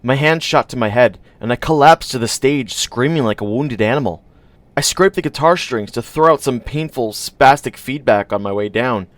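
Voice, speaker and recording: A man's voice: medium pitch, normal speed, no echo. A man narrating a first-person audiobook in a dry, wry storytelling manner.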